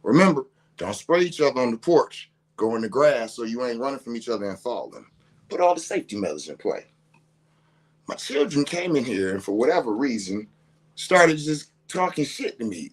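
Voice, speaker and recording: Laughing, animated storytelling dad. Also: male voice, mid-range voice, normal speed. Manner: animated, laughing through his words, swearing freely. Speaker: father telling a story. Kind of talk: casual storytelling to camera.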